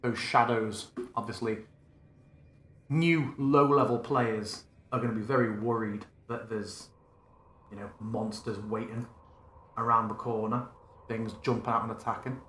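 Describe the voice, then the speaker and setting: A man's voice: lowish voice, steady tone, unhurried, a bit bright, echoey room, slight background noise. A man running a live tabletop tutorial, thinking aloud casually and correcting himself as he builds a scene. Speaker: game master demonstrating a virtual tabletop. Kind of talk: live screen-recorded tutorial.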